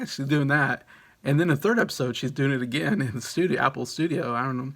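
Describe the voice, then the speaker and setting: A man's voice: mid-range voice, a little fast, gravelly, a bit bright. A man in his late thirties hosting a casual countdown video, rambling and chuckling with lots of fillers and restarts. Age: late 30s. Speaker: video host.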